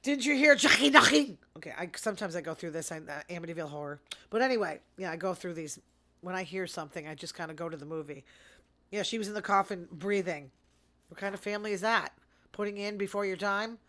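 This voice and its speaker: Fast-talking sarcastic woman host. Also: fairly low pitch, fairly bright tone. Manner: chatty, rambling, sarcastic asides; fast talker. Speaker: podcast host. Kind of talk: casual solo commentary.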